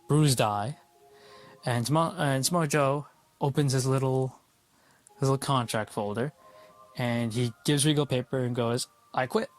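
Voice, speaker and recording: Blunt, swearing male wrestling reviewer. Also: medium pitch. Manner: blunt, profane, opinionated. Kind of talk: casual recap vlog.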